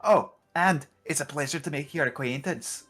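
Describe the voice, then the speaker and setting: Woman doing a scouse young guy, friendly grandson type, lowish voice, music behind. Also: normal speed, a bit bright. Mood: cheerful. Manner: chatty and polite, bursts of hearty exclamation. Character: cheery young male townsman, helpful grandson. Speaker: streamer voicing game dialogue. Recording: background music under the voice.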